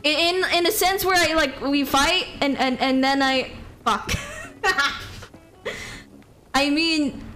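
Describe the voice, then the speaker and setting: A woman's voice: high voice, slow pace, long pauses, pushed and bright, faint music behind. A young woman live-streaming a game, chatting casually, giggling, swearing and answering chat.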